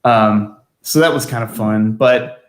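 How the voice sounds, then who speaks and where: Speaking a little slowly in a fairly low voice, this former magazine staff writer is a guest in a casual chat. He's a chatty storyteller who laughs frequently and says "like" a lot.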